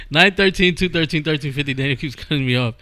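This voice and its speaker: A man hosting a casual podcast, playful and quick to laugh, who often stumbles over his words. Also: fairly high pitch, bright, forceful tone. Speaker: podcast host.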